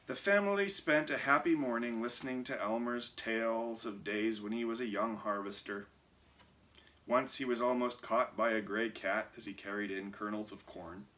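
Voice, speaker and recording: A man reading a picture book aloud in an expressive, lively way. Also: medium pitch, normal speed. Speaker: reader.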